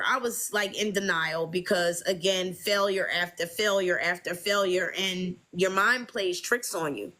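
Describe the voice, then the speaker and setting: A young adult woman telling a personal story in casual chat, acting out other people's lines in a lively voice. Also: unhurried, hardly any pauses. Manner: animated, acts out quoted voices in high pitch. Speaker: guest sharing her fertility journey.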